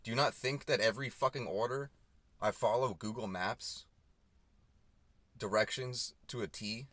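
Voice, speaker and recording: A man's voice: mid-range voice, moderate pace, a bit bright, no echo. A young man, a delivery driver, ranting heatedly and profanely about his shift as he drives. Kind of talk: ranting vlog while driving. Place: inside a car. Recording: noisy in-car recording. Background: car and road noise, navigation prompts.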